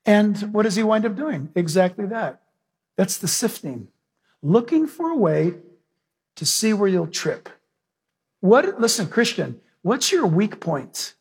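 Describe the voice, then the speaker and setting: A male pastor preaching a sermon with animated storytelling, acting out the characters in his stories. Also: high-pitched, husky.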